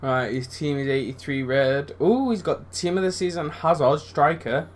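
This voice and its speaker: A young man commentating his own football video game matches, excitable and rambling, swearing freely and shouting at big moments. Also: a little high, moderate pace, slight background noise. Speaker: gaming channel host. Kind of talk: live gameplay commentary.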